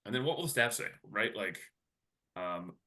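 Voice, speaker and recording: A man's voice: on the low side, animated, normal speed, pushed and bright. A man co-presenting a webinar, talking casually and rambling with lots of fillers and restarts.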